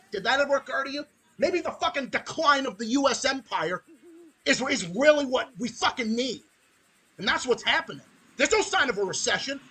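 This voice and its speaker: A man tears through an angry, profane political rant as a podcast host, slipping into mocking voices. His voice is bright and edged, with a faint hiss of background noise behind it. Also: very high-pitched, low-quality recording. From Massachusetts, USA.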